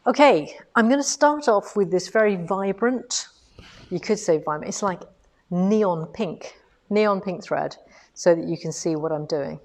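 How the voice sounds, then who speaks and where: A woman's voice: fairly low pitch, lively intonation, measured pace, a little mellow. A woman running a live quilting demonstration from an indoor studio, explaining each step in a chatty, practical way. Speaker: quilting instructor.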